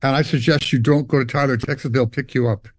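Speaking at medium pitch and a quick pace, recorded dry, an older Canadian man guests on an interview as a musician. His long, lively stories come with acted-out voices and imitated guitar sounds.

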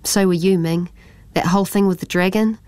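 A woman's voice: on the low side, steady tone, brisk, darkish tone, no room sound, lightly acted. A woman voicing a brave, eager young boy in a storybook.

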